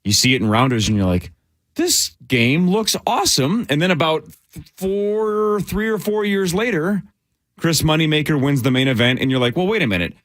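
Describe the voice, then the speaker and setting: A man hosting a casual sports radio talk show, telling stories with excitement. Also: a little high, a little fast, dry recording, studio quality. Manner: animated, excitable storytelling. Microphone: studio microphone.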